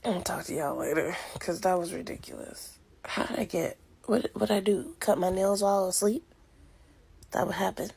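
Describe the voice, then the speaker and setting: Woman vlogger, tired, rambling, often half-whispered; gravelly, husky voice. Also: medium pitch, normal speed, a little mellow. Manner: rambling, talks to herself, often drops to a whisper. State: sleepy and yawning. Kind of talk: casual talk to camera.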